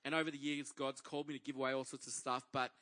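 A man in his thirties preaching, telling a personal faith story to a congregation as an animated storyteller who acts out his own inner dialogue. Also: medium pitch, fast.

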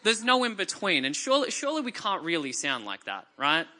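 Sitting high with wildly swooping pitch, this Australian man's bright, forceful voice moves fairly quickly through a sermon to his congregation. He's conversational and jokey, tossing in wry humor before reading scripture with high drama.

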